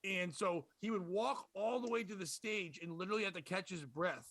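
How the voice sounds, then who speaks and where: A man with a high, bright, sharp voice tells a rowdy comedy club story in casual chat. He talks animated and profane, laughing as he goes. The sound is close and dry. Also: a little fast, no echo. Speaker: podcast host and comedian.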